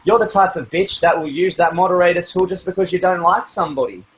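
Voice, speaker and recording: Sarcastic high-voiced Australian man. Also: fast talker, breathy edge, low-quality recording. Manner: sarcastic, condescending, interrupts. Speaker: chat panelist. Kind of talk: heated argument in an online group chat.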